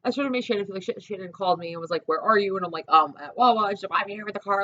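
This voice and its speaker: A woman's voice: mid-range voice, racing, hardly any pauses, fairly bright tone, lo-fi sound. A woman rambling profanely and self-deprecatingly in a casual vlog, talking to her own camera. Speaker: vlogger. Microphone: camera mic.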